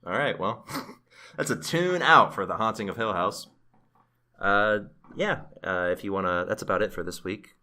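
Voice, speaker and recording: A man's voice: on the low side, moderate pace, pushed and bright. A man hosting a podcast in casual chat, dry and steering the talk. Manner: dry, wraps things up. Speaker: podcast host.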